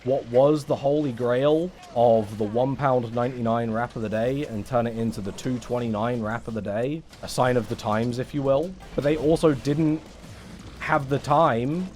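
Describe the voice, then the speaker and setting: A man's voice: medium pitch, fairly even intonation, normal speed, a little mellow, faint music behind. A young English man on a casual livestream, rambling in a sarcastic, sweary way. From England. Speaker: streamer.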